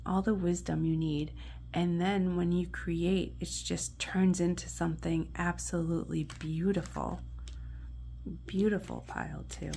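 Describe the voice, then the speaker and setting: Woman, tarot reader, gravelly low voice, mellow tone, gentle and encouraging, soft whispers. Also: a little hiss or hum. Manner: encouraging, pauses to study card imagery. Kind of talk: pick-a-card tarot reading.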